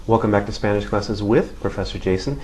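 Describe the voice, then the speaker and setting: Male language teacher, lower register, patient whiteboard explainer. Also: fairly quick. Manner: patient, repeats points with frequent "okay?" checks. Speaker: Spanish teacher. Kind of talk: whiteboard grammar lesson.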